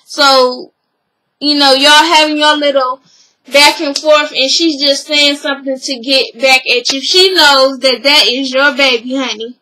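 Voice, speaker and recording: A young woman giving a casual, animated recap of a reality TV episode, acting out what people said and laughing along. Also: high-pitched, a little slow, rough recording. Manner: animated, acts out quotes, laughs.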